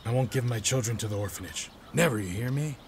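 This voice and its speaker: A man voicing a stressed widowed beekeeper and father in a dubbed film drama, curt and quick to shout. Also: medium pitch, a little hiss or hum, natural voice. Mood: tense.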